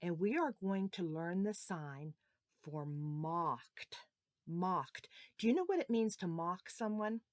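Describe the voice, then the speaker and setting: A woman teaching a children's Sunday school lesson, talking slowly and playfully, coaxing the kids to repeat after her. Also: on the low side, animated, no room sound, studio quality.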